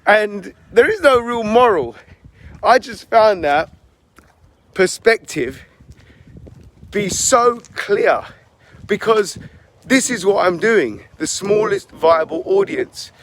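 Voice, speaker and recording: High-voiced man coaching in a loose monologue. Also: animated, slow, pauses often, a bit bright, slight background noise. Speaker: fitness and business coach. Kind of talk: casual monologue.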